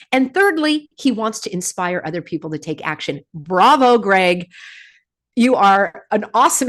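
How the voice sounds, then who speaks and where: A middle-aged woman hosting a casual commentary for her viewers, animated and sarcastic, often breaking into laughter. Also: mid-range voice. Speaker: host.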